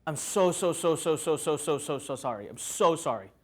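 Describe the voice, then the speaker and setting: A flaky, overapologetic friend , as a man acts him out, pours out his regrets again and again. The voice sits a touch high and pleads in a rush of repeated words. It is an everyday voice, barely changed from the speaker's own. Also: animated, moderate pace. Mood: apologetic. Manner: gushing, repetitive apologies. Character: flaky apologetic adult male friend.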